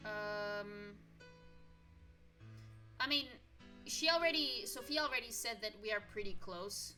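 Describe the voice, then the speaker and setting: Female streamer, casual game commentary, thinks aloud, bright crisp voice. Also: medium pitch, slow, pauses often, soft background music. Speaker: gaming streamer. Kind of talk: reading and commenting while playing a story game.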